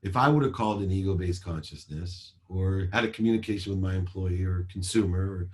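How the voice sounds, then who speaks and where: Deep-voiced man giving a motivational talk. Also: a little mellow. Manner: measured, emphatic, list-like delivery. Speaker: motivational speaker. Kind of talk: motivational talk on a video call. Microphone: video call.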